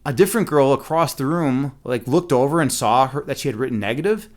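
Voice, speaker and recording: A man telling a story in a casual rant, animated and profane, with many fillers and restarts. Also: mid-range voice, brisk. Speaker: streamer.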